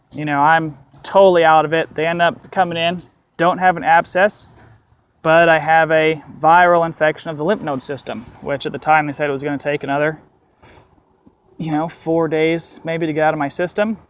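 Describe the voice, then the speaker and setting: Young adult man vlogger, casual and candid, slightly high voice, storytelling on a walk. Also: smooth. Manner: candid, animated, swears casually.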